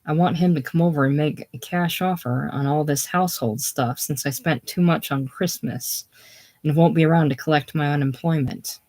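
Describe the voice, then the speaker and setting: A reader doing a gruff man with a slow drawl. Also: mid-range voice, darkish tone, close to an everyday voice. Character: a gruff married man walking out on his family.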